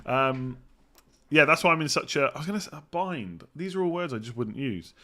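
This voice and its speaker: Bright-voiced English man thinking aloud. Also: fairly high pitch, lively intonation, brisk. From England. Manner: rambling, thinks aloud, hums while reading. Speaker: fantasy football streamer. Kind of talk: live stream Q&A.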